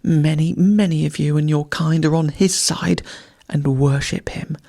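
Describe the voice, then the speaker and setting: Reader doing a crazed loyal hunting dog yelping in a storybook, gravelly and a bit husky. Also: medium pitch, fairly even intonation, measured pace. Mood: frenzied. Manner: yelping, loud and frenzied. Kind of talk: bedtime story reading.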